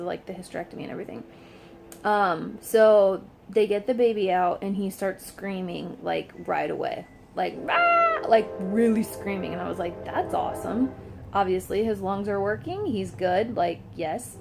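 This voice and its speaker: A young woman vlogs from home, her medium-pitched voice a little mellow as she chats through a story to camera. She says "like" constantly and acts out what people said.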